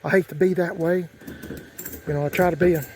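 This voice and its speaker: A man with a drawl rambles through a story in a folksy way, full of fillers and restarts. His voice sits a bit high for a man. Faint outdoor ambience runs behind him. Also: fairly even intonation, brisk, darkish tone, a little hiss or hum, low-quality recording. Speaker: vlogger. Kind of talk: casual storytelling.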